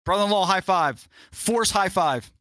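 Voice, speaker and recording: A man co-hosting a casual show-review stream, energetic, joking and profane. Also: high-pitched, moderate pace, no echo. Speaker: podcast co-host.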